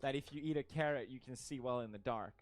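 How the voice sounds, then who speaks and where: A man's voice: medium pitch, fast, no room sound. A young man from Sweden, streaming casual commentary in a jokey, mock-outraged way and laughing often.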